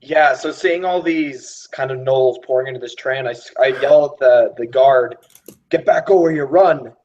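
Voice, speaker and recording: A man's voice: mid-range voice, fairly even intonation, moderate pace, a little mellow, lo-fi sound. A man playing a tabletop game, describing his character's moves in first person. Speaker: player.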